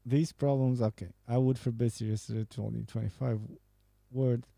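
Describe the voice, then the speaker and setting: A man's voice: mid-range voice, steady tone, moderate pace, vocal fry, mellow, no echo. Man, podcast host, casual banter, profane, dry close sound. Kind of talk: casual chat reading viewer messages.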